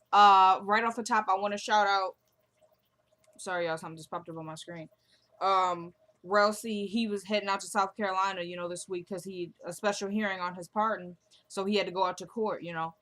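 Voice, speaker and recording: A young woman hosting a casual vlog recap of a TV episode, chatty and slangy, acting out the characters' lines in quick quotes. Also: mid-range voice, a bit bright. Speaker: show recap host.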